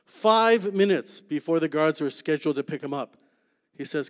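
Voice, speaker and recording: A man tells his story in earnest, measured phrases, pausing for effect. He often drops to a soft, intense hush to land a point, in the manner of a church testimony. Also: high-pitched, lively intonation, big-room sound. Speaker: guest speaker.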